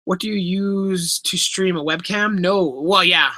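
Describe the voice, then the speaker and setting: Hosting a casual Q&A stream from his home, where pet enclosures fill the room, a laid-back Canadian reads the chat aloud into his laptop microphone, joking and swearing as he goes. His high voice is bright and forceful at a measured pace, with no room sound.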